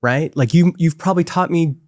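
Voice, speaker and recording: A man's voice: fairly high pitch, fairly quick, a little mellow. Man, forties, interview guest, candid, chatty, storytelling, casual fillers. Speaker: guest, software company co-founder.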